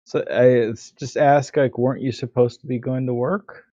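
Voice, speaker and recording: A man's voice: mid-range voice, fairly even intonation, moderate pace, warm tone, dry recording, dull audio. A man hosting a livestream, chatting casually and reading out a text adventure story. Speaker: livestream host.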